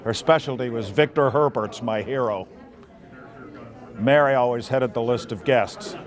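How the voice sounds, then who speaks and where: A man's voice: mid-range voice, measured pace. Man fondly reading a memoir. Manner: fond, reminiscing storytelling. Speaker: memoir reader. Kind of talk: reading a personal memoir aloud.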